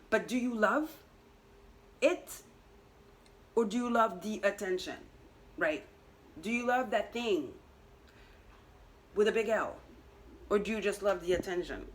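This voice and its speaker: A woman in a relaxed tarot reading video talks right at her audience, teasing and scolding them lightly. Her voice sits at a middle pitch, and she leans on easy fillers and quick laughs as she goes. It sounds like an informal reading, not a script. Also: low-quality recording. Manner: chatty, teasing, full of "you know" fillers, laughs at herself. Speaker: tarot and astrology reader. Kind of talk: casual direct-to-camera energy reading.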